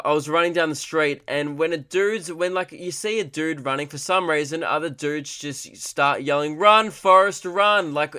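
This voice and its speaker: A man's voice: fairly high pitch, fairly bright tone, clean tone, no echo, clean studio sound. A man hosting a comedy podcast, telling a story casually, rambling with restarts and fillers and swearing freely.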